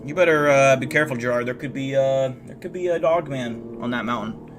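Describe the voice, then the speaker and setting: Brisk and medium-pitched, this man talks over a noisy background. Tired and yawning, the young livestream host rambles casually through viewer messages, cursing and frequently starting his sentences over.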